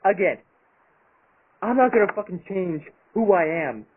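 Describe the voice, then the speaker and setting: Through thin, phone-like audio, a man with a high, breathy-edged voice vents about his YouTube channel. He's animated yet unhurried, angry and profane, pressing every point hard in a solo vlog rant.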